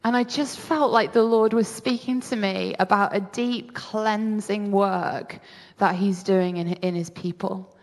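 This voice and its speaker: A British woman preaches a sermon earnestly and conversationally, often restarting her sentences. Her voice is medium-pitched and darkish, with a steady tone and measured pace. The recording carries a long hall reverb.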